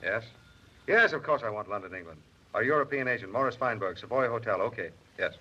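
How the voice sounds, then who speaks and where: An actor playing a busy, flirtatious male government official in a 1930s film, talking fast and joking. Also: mid-range voice, expressive, noisy background, close to an everyday voice. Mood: brisk. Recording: dull old 1930s film soundtrack.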